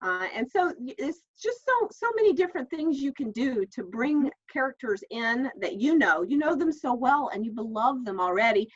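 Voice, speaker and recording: A woman's voice: high voice, lively intonation, moderate pace, few pauses, slightly rough. Chatty middle-aged woman on dull audio. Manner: chatty, warm storyteller, many fillers and restarts. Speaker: author and guest. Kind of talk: casual interview storytelling.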